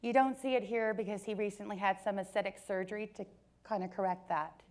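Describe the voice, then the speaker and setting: A woman in her forties giving a personal storytelling talk to an audience, joking at times and turning soft and earnest at others. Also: mid-range voice, fairly even intonation, fairly quick. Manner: warm joking storyteller, switches between laughs and soft earnest passages. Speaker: company speaker.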